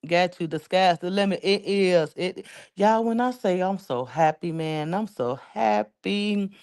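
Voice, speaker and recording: Woman from the Chicago area, casual livestream chat, smooth clear voice, rambling and emotional. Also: on the low side, unhurried, a little mellow. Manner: rambling, emotional, thanks viewers by name. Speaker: livestream host.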